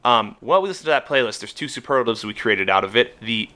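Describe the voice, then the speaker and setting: A man's voice: mid-range voice, animated, quick pace, sharp tone. A man hosting a casual music podcast, chatting animatedly and laughing often. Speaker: podcast host. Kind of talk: casual chat.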